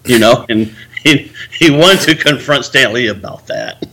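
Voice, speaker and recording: A man co-hosting a podcast in casual chat, halting and heavy on fillers. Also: medium pitch, pushed and bright, rough recording. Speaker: podcast co-host.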